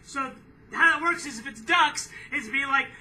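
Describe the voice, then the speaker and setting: A man's voice: very high-pitched, moderate pace, bright, forceful tone. A man emceeing a live comedy contest, explaining the rules in a loose, upbeat, rambling way. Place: comedy club stage. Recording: distant room recording, faint noise.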